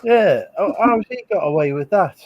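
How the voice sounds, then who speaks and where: A man in a casual chat, teasing the others with deadpan jokes. His voice sits a bit high for a man, and the sound is close and dry. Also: normal speed, dry recording, muffled recording.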